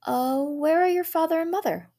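A woman's voice: extremely high pitch, normal speed, mellow, pitched above the performer's own voice. A woman reading the part of a polite, breezy family friend.

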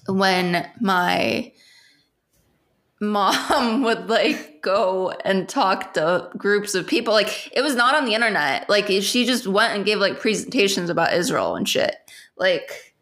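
A woman's voice: mid-range voice, fairly bright tone. A young woman co-hosting a podcast in casual chat, rambling with constant fillers and swearing freely. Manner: rambling, heavy filler "like", frequent swearing and laughs. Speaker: podcast co-host.

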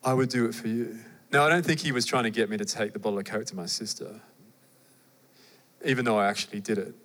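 A young adult man with an Australian accent, preaching a sermon in a conversational, animated way with asides to the listeners. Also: lowish voice, fast. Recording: long hall reverb.

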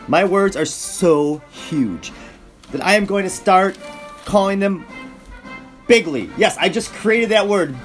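A man's voice: on the high side, a bit bright. A man putting on the voice of a boastful, pompous male president who brags and stumbles over big words. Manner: bragging, mangles words.

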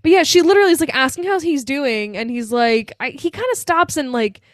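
Snarky woman cohost, kinda high voice, dry close mic, loose casual chat. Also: brisk, dry recording. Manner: animated, sarcastic, swears freely. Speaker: podcast co-host.

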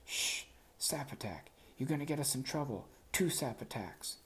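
A man voicing a tiny, boastful female doll who talks of herself by name in a high, squeaky voice. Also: normal speed, a little mellow, close to an everyday voice. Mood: panicked.

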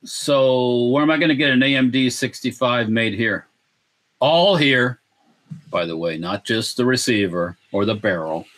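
A man's voice: mid-range voice, unhurried, a bit bright. Matter-of-fact man on a podcast. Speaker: podcast regular, gunsmith. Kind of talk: casual chat.

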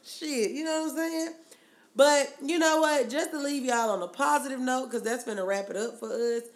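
A woman's voice: high-pitched, normal speed. Woman hosting a podcast, gossipy and laughing, just chatting. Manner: gossipy, laughing, reads quotes aloud. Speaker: podcast co-host. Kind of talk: casual chat.

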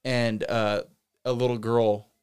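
A man's voice: medium pitch, takes it slowly, smooth. A man co-hosting a podcast, casually retelling a story in a rambling way and acting out the quotes. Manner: rambling, retells stories with animated quoted voices. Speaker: podcast co-host. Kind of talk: casual chat.

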